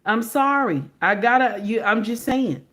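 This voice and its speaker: A woman's voice: on the high side, expressive, a little slow, fairly bright tone. A middle-aged woman hosting a reaction livestream, speaking casually in slangy, emphatic speech and repeating her points.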